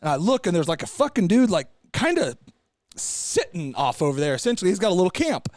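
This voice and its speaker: A man tells a long, rambling story on a studio podcast, cussing freely and getting animated. His voice sits fairly high for a man. The sound is dry and close. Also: a little fast, no room sound. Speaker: podcast co-host. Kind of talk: casual storytelling chat.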